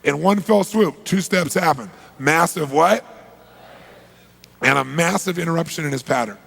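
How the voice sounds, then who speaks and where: A man with a deeply gravelly, husky voice delivering a motivational seminar talk. He tells stories and throws questions at the audience, in a pitch slightly above the usual for a man. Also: moderate pace, fairly bright tone, big-room sound. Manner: storytelling, asks the audience questions. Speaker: seminar speaker.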